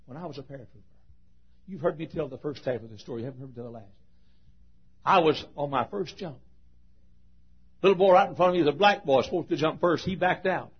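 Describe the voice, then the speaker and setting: An older male preacher tells a sermon story, his voice swinging from loud proclaiming to hushed asides. His voice sits high and lively with a husky edge. The recording is dull and lo-fi.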